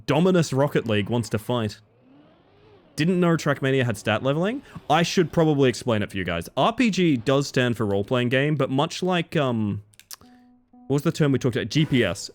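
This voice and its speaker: Chatty male streamer, lively pitch. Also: fairly quick. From Isle of Man and Australia. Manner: chatty, jokey, reacting to chat. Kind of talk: casual gaming commentary.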